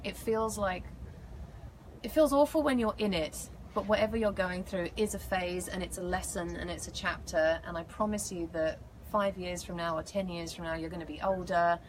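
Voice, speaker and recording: An English woman chatting as an actress guest, playful and self-mocking as she answers fan questions. Her voice sits on the low side for a woman. A steady noise runs underneath the recording. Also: normal speed. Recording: noisy background.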